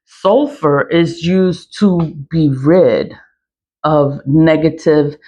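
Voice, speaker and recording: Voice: mid-range voice, drawn-out words, warm tone. A person talking casually and bluntly to camera about cleansing rituals, repeating phrases, laughing often and cursing freely. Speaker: spiritual seller and vlogger.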